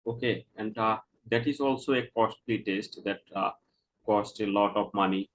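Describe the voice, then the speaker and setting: A man playing a doctor in a mock consultation, explaining slowly and haltingly with many filler sounds, and checking that the patient understands. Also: fairly low pitch, a little hiss or hum, rough recording. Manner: checks understanding with "Do you get me?".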